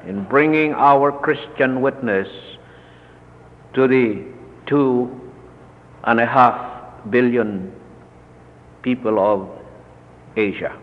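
A man, a Lutheran church leader, slowly recounting a personal story in a measured talk full of pauses. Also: medium pitch. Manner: slow, measured, with many pauses and fillers. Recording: dull, lo-fi recording with long reverb.

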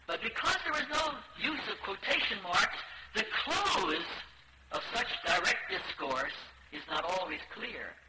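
A high-pitched man delivers a measured scholarly lecture, leaning on key words. He sounds like he's in a roomy, echoing space, and a loud steady hiss runs under the whole recording. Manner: measured, with varied emphasis. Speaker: lecturer on Bible translation.

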